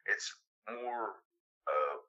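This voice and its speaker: A man co-hosting a podcast, talking in a gruff, plainspoken, folksy way. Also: on the low side, animated, very slow, pushed and bright, lo-fi sound. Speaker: podcast co-host. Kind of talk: casual chat.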